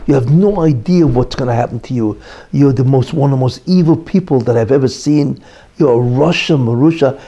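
A stern preacher , put on by a man telling the story, scolds a sinner in a slow, heavy voice. The tone is dark and mellow. He lets each rebuke land before moving on. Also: mid-range voice, lo-fi sound, lightly acted. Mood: scolding.

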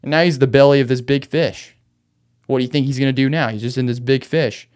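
A man's voice: medium pitch, steady tone, a little fast, a little mellow, clean tone. A man hosting a podcast, retelling a Bible story in a loose, chatty way with slangy asides. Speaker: podcast host.

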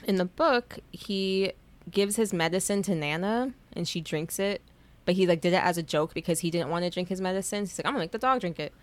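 A woman's voice: lowish voice, fairly quick. A young woman co-hosting a podcast, telling stories in casual chat with lots of "like" fillers and some swearing. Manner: animated storyteller, fillers of "like", swearing. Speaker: podcast co-host.

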